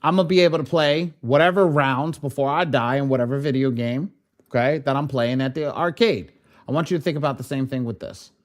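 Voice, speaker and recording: A man acting as software trainer, speaking casually and in slang straight to the viewers of a live online class. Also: medium pitch, fairly quick.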